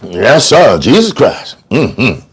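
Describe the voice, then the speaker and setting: A man reading a book aloud online, making relaxed, chatty asides between passages. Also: medium pitch, slow pace, husky. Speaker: online reader. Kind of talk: casual live reading asides.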